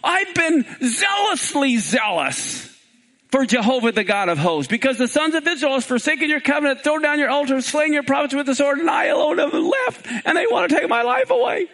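A man's voice: very high-pitched, big pitch swings, brisk, creaky, a bit bright, voice pushed up, exaggerated voice. A man voicing a self-pitying male prophet, whining and complaining in a sermon retelling.

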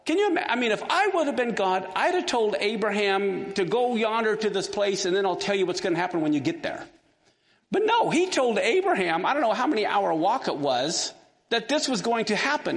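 A man with a high-sitting, creaky, somewhat bright voice teaches a class from the Bible. Engaged with his audience, he quizzes them while working through a passage, and the sound has a long hall reverb.

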